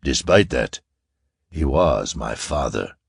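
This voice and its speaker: A man doing a smooth half-Martian villain in an audiobook, gloating with quiet, ironic menace. The voice sits very low and drawn-out, with a rich rise and fall. It is recorded close and dry. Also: lively intonation, dry recording, full character voice. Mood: cold. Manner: ironical, soft-spoken menace.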